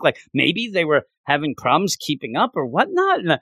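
A man co-hosting a casual manga chat, talking in animated, rambling runs full of restarts and fillers. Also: on the high side, brisk, few pauses, husky, no echo, studio quality. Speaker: podcast co-host.

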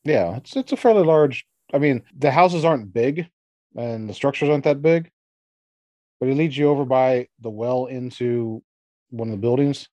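A man in the game master's seat, describing the scene in a casual, wandering way. His voice sits at an ordinary middle pitch and is recorded close and dry, with no room sound. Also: moderate pace, warm tone, dry recording, lo-fi sound. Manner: loose, rambling with frequent fillers. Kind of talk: narrating a tabletop game.

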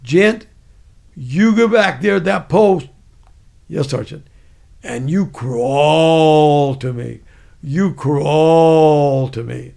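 An older man putting on a bullying Southern first sergeant with a gravelly voice, barking taunts. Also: a little high, lively intonation, takes it slowly, heavily acted. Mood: commanding.

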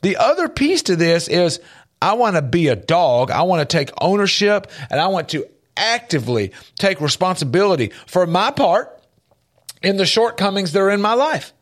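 A man's voice: high voice, big pitch swings, normal speed. A man hosting a faith-based motivational radio talk from a studio, earnest and emphatic, repeating key phrases for effect. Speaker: radio host. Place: radio studio with a large window.

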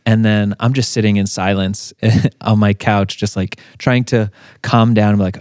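A man in his thirties co-hosting a faith podcast, telling a family story in a relaxed way with fillers and laughs. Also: on the low side, normal speed, clear, resonant tone, dry recording, clean studio sound. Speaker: podcast co-host. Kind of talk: casual faith podcast chat.

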